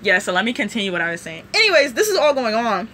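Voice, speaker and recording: A woman vlogger tells a show recap in a rambling, animated way, full of asides. Her voice is high and bright. There is a faint hiss of noise behind her. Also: quick pace.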